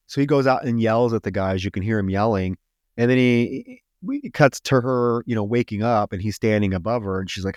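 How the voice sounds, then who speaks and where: A man's voice: mid-range voice, expressive, a little mellow, dry recording. Blunt, swearing man with a dry sound. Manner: blunt, profane, retells scenes with quick acted quotes. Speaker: podcast co-host. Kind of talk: casual film discussion.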